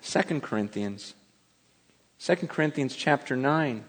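A man preaching a sermon, earnest and emphatic, often repeating words and restarting as he presses a point, swinging between soft and forceful delivery. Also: medium pitch, lively intonation, a little slow, long reverb tail. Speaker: pastor.

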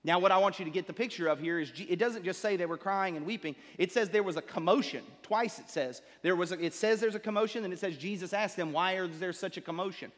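A pastor preaching with a notably high, light voice. He swells with rising emphasis, then sinks into slow, quiet lines for weight. His words ring out with a long tail of reverb, as in a big sanctuary. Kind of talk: sermon. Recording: long reverb of a large hall.

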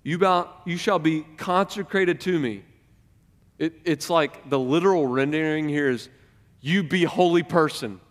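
A man's voice: fairly high pitch, measured pace, big-room sound. A man preaching a sermon, speaking emphatically with questions to the congregation. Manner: emphatic, rising and falling in volume, addresses the congregation with questions. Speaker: pastor.

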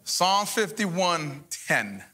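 A man's voice: high-pitched, very animated, very slow, sharp tone. A middle-aged man preaching a revival sermon as a guest pastor, joking with the congregation and calling for responses. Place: church service before a congregation.

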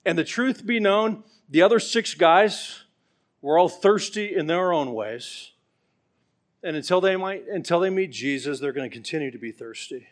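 A man's voice: a little high, animated, moderate pace. A middle-aged man preaching a sermon, earnest and pleading, telling stories along the way. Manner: earnest and pleading, with storytelling asides.

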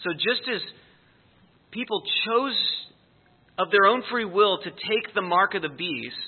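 A man's voice: high-pitched, lively intonation, a little slow, husky. A man giving an earnest, explanatory verse-by-verse sermon as a Bible teacher. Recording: tinny phone-like sound.

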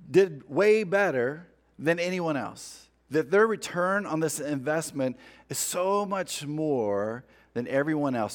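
A man preaching a sermon in a conversational way, acting out the lines of a parable as he retells it. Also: mid-range voice. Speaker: pastor.

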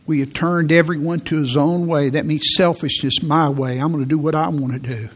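A man giving a sermon as a pastor, preaching in a church with slow, emphatic delivery and repeated key words. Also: a little high, steady tone. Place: church sanctuary.

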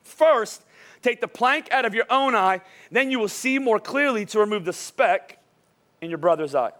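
A middle-aged male pastor preaching a lively, joking sermon in church, urging the congregation to repeat lines after him. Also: high voice, normal speed. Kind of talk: lively sermon with call-and-response. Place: church service before a congregation.

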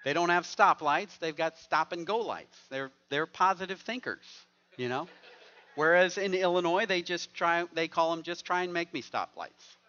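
A man's voice: fairly high pitch, normal speed, bright, forceful tone, muffled recording. A man preaching a sermon as pastor, conversational and joking with the congregation.

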